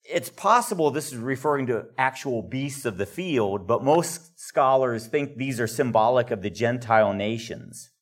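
A man leading a conversational Bible study, explaining verses in a relaxed way with chatty asides. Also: mid-range voice, moderate pace, hardly any pauses.

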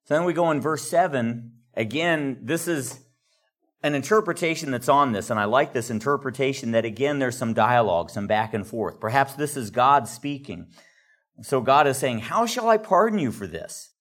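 Man, Bible study teacher, conversational, relaxed, explanatory, medium pitch. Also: moderate pace. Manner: relaxed and explanatory, with chatty asides.

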